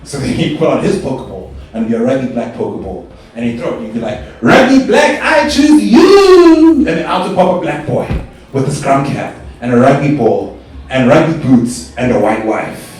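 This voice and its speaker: A young man from South Africa performing a stand-up comedy routine, telling stories in an animated way and jumping to high squeals when he quotes himself. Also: fairly quick, soft background music. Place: stage in a club or hall. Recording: echoey live stage sound from a distance.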